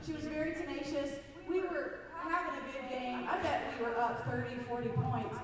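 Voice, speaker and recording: A Midwestern American woman coach speaks to a crowd in a school gym, her voice high and carried by a long, booming echo. She is recorded from far off, the sound spread wide across the hall. She tells her stories warmly, and her voice turns emotional now and then. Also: brisk, few pauses. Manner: warm storytelling, emotional, self-deprecating jokes. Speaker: girls basketball coach. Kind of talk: senior night speech to a gym crowd.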